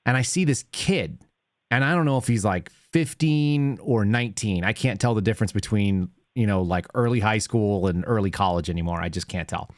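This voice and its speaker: A man's voice: lowish voice, a little fast, no echo, studio quality. Ranting male call-in show host. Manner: ranting, animated storytelling. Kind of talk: casual call-in show chat.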